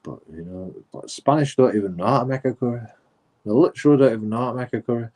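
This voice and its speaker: Speaking fast in a mid-range, slightly mellow voice, a male streamer rambles through a casual story. It's sweary and full of asides, restarts and frequent "you know"s.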